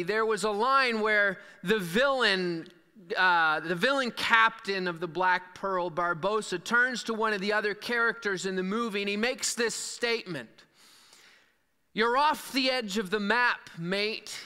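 A male pastor delivers a sermon in a church, reading scripture and then talking loosely with small restarts. His voice is bright and clean, and it carries a long reverb from the hall around him. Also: high voice, clean tone. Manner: conversational preaching with fillers and restarts. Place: church sanctuary.

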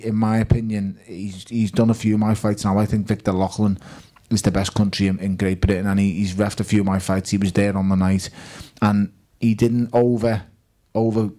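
Speaking in a lowish voice, this Liverpool-accented boxer is a guest at a fan evening. He spins animated tales and repeats what he and other people said.

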